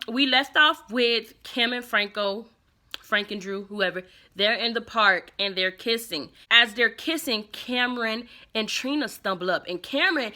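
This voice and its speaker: A woman's voice: a little high, pushed and bright. A woman casually recapping and commenting on a soap opera episode, chatty and opinionated, acting out the characters' lines as she goes.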